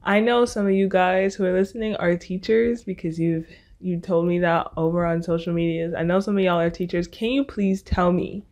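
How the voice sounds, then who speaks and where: A woman's voice: fairly low pitch, steady tone, moderate pace, hardly any pauses, a little mellow. A young woman in college hosting her own podcast, talking to listeners in a chatty, sarcastic way. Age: young adult. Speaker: podcast host. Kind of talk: casual solo podcast chat.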